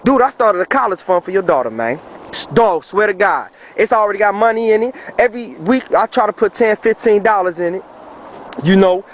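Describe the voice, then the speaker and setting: A high-voiced man talks in street slang to a friend who is gone, his voice choked up and breaking into crying. Faint traffic hums behind him outdoors. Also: lively intonation, fairly quick. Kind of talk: emotional monologue to a dead friend.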